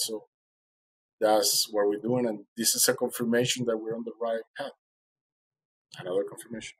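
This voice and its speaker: A man's voice: lowish voice, little pitch movement, normal speed, pauses often, breathy edge, poor audio. A man, an interview guest, telling his story animatedly and acting out the dialogue, with non-native grammar.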